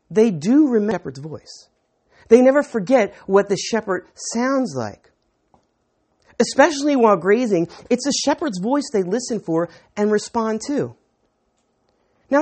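Lively conversational preacher. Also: male voice, extremely high pitch. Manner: conversational teaching with rhetorical questions and restarts. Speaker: pastor. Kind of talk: sermon. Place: room with a live audience.

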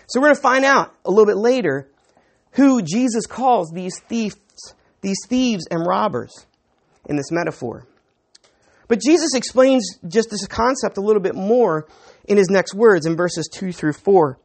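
A man preaching to a live audience in a room. His pitch swings widely as he teaches in a chatty way, posing rhetorical questions and often restarting phrases. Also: lively intonation, unhurried. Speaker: pastor. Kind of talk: sermon.

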